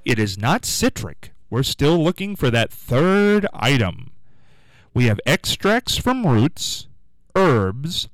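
Lively radio host with a strained throat. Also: male voice, medium pitch, dry recording, low-quality recording. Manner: lively, upbeat, sing-song when rejecting guesses. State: throat going hoarse. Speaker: radio call-in show host. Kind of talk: casual live radio quiz chat. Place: radio studio.

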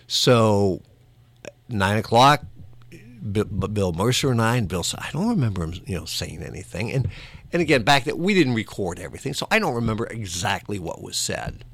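A former morning radio host telling old stories in a relaxed conversational way, self-deprecating and laughing often, with small restarts. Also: male voice, fairly low pitch, dry recording. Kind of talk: conversational storytelling.

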